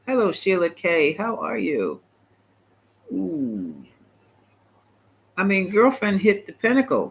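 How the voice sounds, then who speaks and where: A man's voice: high voice, slow pace, creaky, long pauses, husky, rough recording. Chatty man reading tarot on a live stream. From United States. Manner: chatty, animated, talks back to viewers, laughs often. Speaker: tarot reader.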